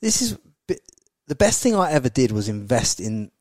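A man's voice: mid-range voice, big pitch swings, normal speed, dry recording. A man from the UK hosting a casual podcast in a mid-range voice. He is eager and encouraging, repeating words as he builds his point. The recording is close and dry. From United Kingdom. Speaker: podcast host.

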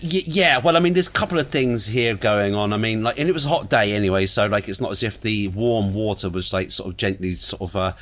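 A man's voice: lowish voice, fairly quick, few pauses, fairly bright tone. A man from Finland co-hosting a casual radio chat, talking in a rambling, hesitant way with many fillers. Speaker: co-host.

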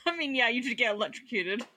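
Woman player, bright and high, animated, swears freely. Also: normal speed, faint music behind. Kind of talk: tabletop role-play chat.

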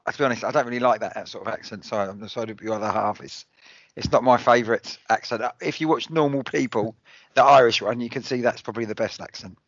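A man's voice: medium pitch, fast, a bit bright, no room sound. An Englishman co-hosting a podcast in casual chat, speaking hesitantly with many restarts. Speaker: podcast co-host. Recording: dry, dull lo-fi podcast audio.

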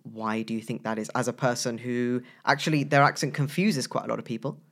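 A man co-hosting a casual chat about voices, lively and playful, with bursts of loud emphasis. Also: medium pitch, fairly quick. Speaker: co-host, voice professional.

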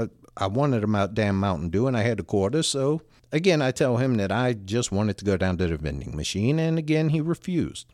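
A man casually telling a personal story, animated and salty, with frequent restarts. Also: lowish voice, dry recording, clean studio sound.

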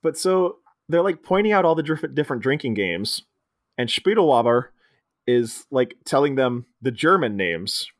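Animated man recapping a movie. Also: medium pitch, normal speed, no echo, clean studio sound. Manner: animated retelling, jumping into quoted voices. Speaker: podcast co-host. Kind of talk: casual film recap chat.

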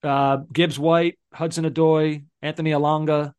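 A man with a somewhat high voice co-hosts a casual sports chat. His humor is dry and deadpan, and he teases his co-host. The sound is close and dry. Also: moderate pace, clear, resonant tone, dry recording. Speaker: podcast co-host.

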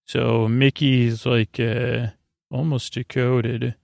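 A man sleepily recounting a story, halting with fillers and restarts and quoting the characters in his own voice. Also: medium pitch, level tone, vocal fry, darkish tone, no echo, clean studio sound. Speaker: podcast host retelling an episode. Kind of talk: sleepy rambling plot recap.

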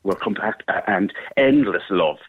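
A man's voice: sits low, lively intonation, moderate pace, breathy edge, no room sound. A middle-aged man with a Cork Irish accent, a guest actor talking on the phone in an interview, effusive and full of restarts. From Ireland. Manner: effusive, warm-hearted talk with repeated restarts. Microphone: phone line. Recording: tinny phone line.

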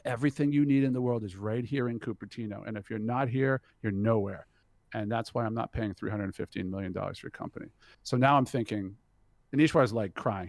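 A middle-aged man tells an anecdote in a gravelly, fry-laced voice at an ordinary pitch. He acts out each person in the story and swears casually. The sound is close and dead, with no room around it. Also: fast, a little mellow, no echo. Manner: swears freely, laughs between lines. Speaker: guest telling a business story. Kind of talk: animated anecdote.

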